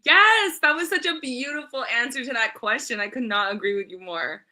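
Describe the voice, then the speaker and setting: Bright, eager-sounding woman guest. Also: on the high side, animated. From Southern California. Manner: upbeat, eager, talks quickly when giving contact details. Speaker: podcast guest, nonprofit founder. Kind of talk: casual interview chat.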